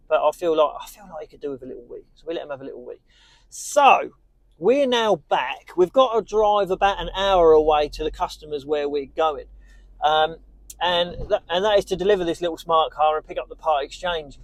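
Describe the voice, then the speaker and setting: A man's voice: on the high side, animated, fairly quick. A man, chatting casually and upbeat to his viewers while driving a small car. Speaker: car dealer vlogger.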